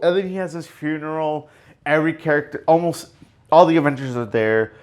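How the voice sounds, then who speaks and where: A man hosts a casual solo podcast, talking in an excitable, rambling way. He stumbles over fillers and restarts and breaks into emotional outbursts. His voice is fairly high for a man. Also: brisk, clear, resonant tone. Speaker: podcast host.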